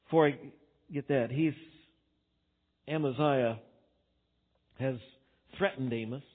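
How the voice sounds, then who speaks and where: A man preaching a verse-by-verse sermon, emphatic and swinging between loud bursts and quiet asides. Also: mid-range voice, takes it slowly, slightly rough. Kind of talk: expository sermon. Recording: tinny phone-like sound.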